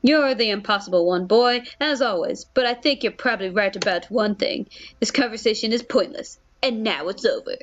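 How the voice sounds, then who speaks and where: A woman's voice: mid-range voice, moderate pace, muffled recording, close to an everyday voice. A woman voicing a stern, disapproving father in a story game, speaking in a cold, formal scolding tone. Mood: dismissive.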